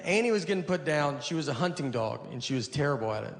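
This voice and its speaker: A man doing a stand-up comedy set on a stage, telling stories in a dry, deadpan way over audience laughter. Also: on the high side, fast talker, vocal fry. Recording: live audience noise behind.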